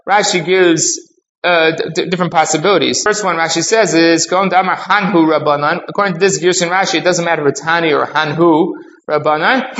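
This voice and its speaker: A man with a slightly high voice teaches a Talmud class, explaining each point step by step and weaving in Hebrew and Aramaic terms. The audio is dull and roomy, with faint ambient noise behind him. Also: a bit bright.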